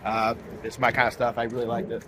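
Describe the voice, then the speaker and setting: A man's voice: medium pitch, monotone, fast, noisy background. A man from Puerto Rico, a friend on the trip, chatting casually and explaining things in an easygoing way. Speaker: guest friend. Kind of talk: casual chat.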